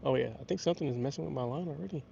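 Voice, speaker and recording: A man with a hoarse voice from a cold, chatting casually on a fishing livestream from a lake. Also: mid-range voice, racing, slight background noise. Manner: excitable, talks to viewers and fish. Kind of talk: casual live-stream chat. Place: outdoors on a lake. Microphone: camera mic on the body. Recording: muffled lo-fi outdoor stream.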